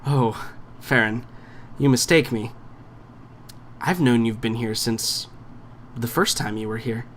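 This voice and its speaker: A man's voice: mid-range voice, takes it slowly, a little hiss or hum, natural voice. A poised woman crime boss voiced by a man who smiles while she threatens. She talks down to everyone with a silky, patronizing politeness in a tabletop role-play. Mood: smooth menace. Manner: silky, condescending, calls people dearie. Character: poised, knowing woman crime boss, smiling but coldly menacing.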